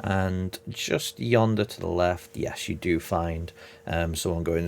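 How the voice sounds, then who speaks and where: A man narrating as game master of a tabletop game, relaxed and reassuring, with many ums. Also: low voice, measured pace, creaky.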